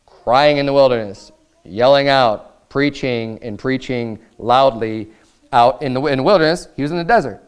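A man's voice: mid-range voice, normal speed, smooth. An American man preaching a sermon as pastor, reading scripture aloud and building in intensity.

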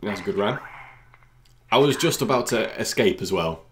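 Excitable young British man gaming. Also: lowish voice, normal speed, slight background noise. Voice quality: jumpy, exclamatory, jokey. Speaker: gaming YouTuber. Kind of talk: excited let's-play commentary.

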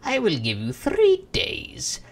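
A reader voicing a boastful, mocking little imp man in a storybook read-aloud, loud and taunting with sudden high leaps. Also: huge pitch swings, slow pace, full character voice.

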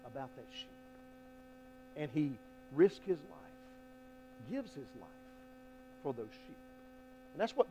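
A man preaching a sermon as pastor, folksy and emphatic, swinging between loud appeals and hushed lines. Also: sits high, rough recording. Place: church sanctuary. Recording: faint mains hum.

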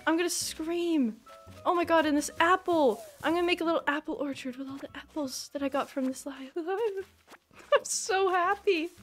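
A young woman live streaming a video game, chatting with her viewers and breaking into excited squeals and shouts. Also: sits high, brisk, soft background music. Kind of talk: casual gaming livestream chat.

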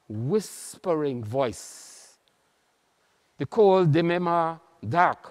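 A man with a Trinidadian accent, a priest preaching an earnest, measured sermon with many pauses. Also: fairly high pitch, darkish tone. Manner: earnest, measured, pausing often. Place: large church. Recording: long church reverb.

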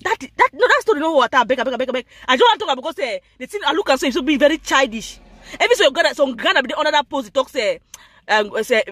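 A speaker with a Cameroonian Pidgin English accent hosts a vlog, ranting in heated commentary, talking straight at someone and repeating points with lively emphasis. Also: high voice, very fast, dry recording. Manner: animated, repetitive, addresses someone directly. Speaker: blogger and vlog host.

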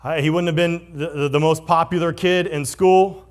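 A male pastor preaching a conversational sermon, moving between lively storytelling and hushed, solemn passages. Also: on the high side, moderate pace.

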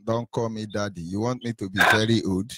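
A man's voice: lowish voice, steady tone, brisk, a bit bright, no echo. A man hosting a call-in radio show and preaching, who banters playfully with his callers. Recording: noisy line with clicks.

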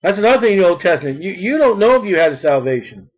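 A male preacher with a notably high voice delivers a sermon. His delivery is fervent and climbs toward near-shouting when he presses a point home. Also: very animated, racing, highs cut off.

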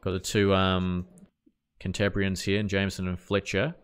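A man's voice: low voice, flat delivery, normal speed. A man from New Zealand with a Kiwi accent, live-streaming a game and chatting casually while reacting to play and answering viewer messages. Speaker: gaming streamer. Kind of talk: casual live-stream chat over gameplay.

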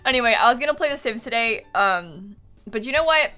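A young woman streaming from her room, talking in a loose, rambling way. Her voice sits a little high and sounds bright and forward. She giggles often and keeps apologizing as she chats. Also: expressive, brisk, soft background music. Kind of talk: casual live-stream chat.

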